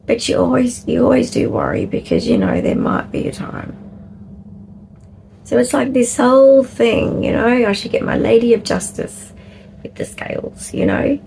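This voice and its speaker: Very gravelly middle-aged Australian woman. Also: on the high side, normal speed, slight background noise, rough recording. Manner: rambling, animated, laughs often, drops into soft whispers. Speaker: vlogger. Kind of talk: candid personal vlog talk.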